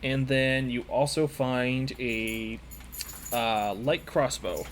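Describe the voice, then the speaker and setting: A man narrating as game master, relaxed and halting with fillers. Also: medium pitch, slight background noise.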